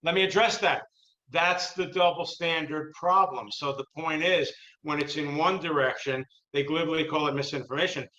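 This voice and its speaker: A man co-hosting a talk show, making measured, lawyerly points. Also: fairly high pitch, pushed and bright. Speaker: co-host. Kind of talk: casual panel talk. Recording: echoey, dull-sounding room.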